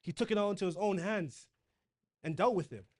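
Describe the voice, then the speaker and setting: A man's voice: sits high, brisk, a little mellow. A man preaching a sermon in a conversational way, reading scripture aloud and retelling it in casual slang.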